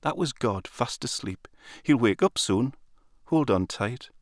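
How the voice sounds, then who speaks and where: A man reading a story aloud, voicing a gentle female angel in a hushed, soft manner. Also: mid-range voice, expressive, a little slow, no room sound, clean studio sound, natural voice. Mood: soft tender.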